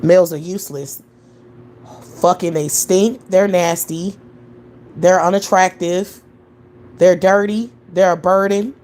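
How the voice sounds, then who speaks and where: A woman's voice: fairly low pitch, steady tone, takes it slowly, long pauses, darkish tone, slight background noise. A young adult woman hosting a live stream, answering chat in a profane, scornful rant with mocking laughter. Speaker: livestream host.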